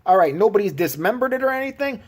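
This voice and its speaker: A man playing a gruff, fed-up male Chicago cop on the phone, with a mocking, profane rant. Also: sits high, lively intonation, fast talker. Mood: sarcastic.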